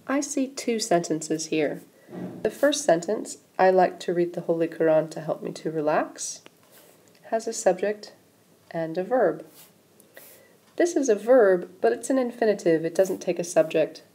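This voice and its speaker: A woman's voice: on the low side, mellow. A woman teaching a recorded grammar lesson, patiently explaining step by step while pointing at examples on screen. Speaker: English writing teacher.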